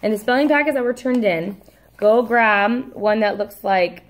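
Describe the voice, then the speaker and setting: Woman teacher reading out a spelling list for her class; slow, repeats each word, quick apologetic corrections, mid-range pitch. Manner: says each word slowly, repeats it, adds brief asides. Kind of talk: dictating a spelling test.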